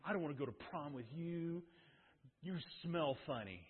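A man's voice: on the high side, lively intonation, moderate pace, slightly rough. A man voicing a dismissive teenage girl who bluntly turns down a date to prom. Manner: blunt, brushing off. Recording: tinny, echoey church hall.

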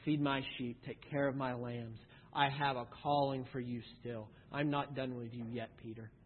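A preacher quoting a gentle, forgiving teacher. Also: male voice, medium pitch, steady tone, normal speed, narrow, tinny audio, voice pushed down, natural voice. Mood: tender.

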